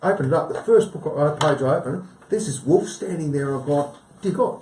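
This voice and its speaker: A man's voice: a little high, fairly quick, mellow, reverberant, distant mic, slight background noise, rough recording. A man speaking as a guest healer on a live TV chat show, talking earnestly, rambling and repeating his phrases.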